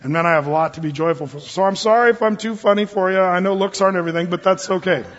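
High-voiced pastor joking through a sermon. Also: male voice, rapid-fire, fairly bright tone. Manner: joking, conversational preaching. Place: church sanctuary. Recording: reverberant hall, dull lo-fi sound.

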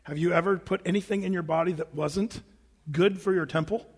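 A man's voice: high-pitched, steady tone, a little fast, husky. A man in his forties, a pastor telling stories in a joking, conversational, self-mocking sermon. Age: 40s. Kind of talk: humorous storytelling sermon. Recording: echoey hall reverb.

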